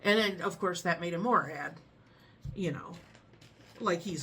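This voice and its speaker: A middle-aged woman from the United States chatting casually to her viewers, telling a story with frequent laughs and a calm, frank manner. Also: medium pitch, normal speed, husky. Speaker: vlogger.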